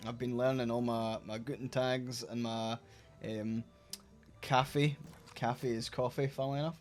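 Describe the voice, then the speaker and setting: A man's voice: medium pitch, level tone, normal speed, faint music behind. A tired man hosting a charity stream, joking at his own expense and swearing casually. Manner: self-mocking, sweary. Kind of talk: casual chat.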